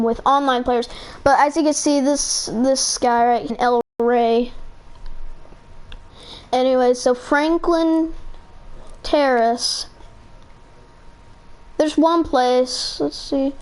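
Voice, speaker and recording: A woman's voice: high voice, a little mellow. A woman giving casual let's-play commentary on a racing game, rambling with many fillers and restarts. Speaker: gaming channel host. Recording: noisy with car game sounds. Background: racing game engine noise.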